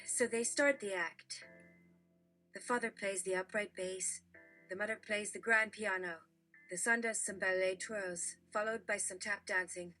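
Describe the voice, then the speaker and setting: A woman reading jokes aloud in a brisk, matter-of-fact narrating manner. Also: medium pitch, steady tone, bright, forceful tone, faint music behind. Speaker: joke reader.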